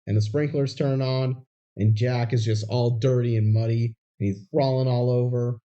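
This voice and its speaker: A man's voice: medium pitch, fairly even intonation, moderate pace, dark tone, lo-fi sound. A man co-hosting a podcast, recapping a movie scene by scene and acting out the characters' lines. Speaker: podcast co-host. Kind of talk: casual movie recap chat.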